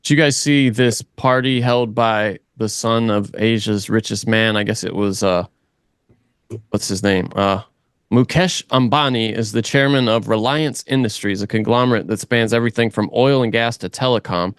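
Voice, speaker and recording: A man co-hosting a podcast with a smooth, resonant voice, recorded dry and close. He reads out news items and drops joking asides as he goes. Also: lowish voice, steady tone, normal speed, no room sound. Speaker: podcast co-host. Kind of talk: casual podcast banter.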